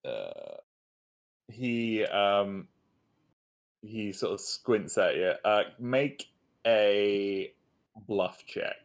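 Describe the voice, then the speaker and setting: A man's voice: fairly low pitch, lively intonation, drawn-out words, pauses often. A man running a tabletop game as game master, describing scenes hesitantly with many ums and uhs.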